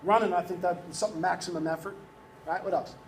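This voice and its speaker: Speaking fast in a high-pitched, fairly even voice, this man leads a youth baseball coaching workshop; a little hiss or hum sits under the recording. His style is chatty, and he keeps asking "right?"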